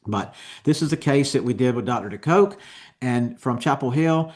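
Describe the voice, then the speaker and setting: A man giving a continuing education lecture on dental technique, explaining each step in a relaxed, conversational way. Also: medium pitch, moderate pace.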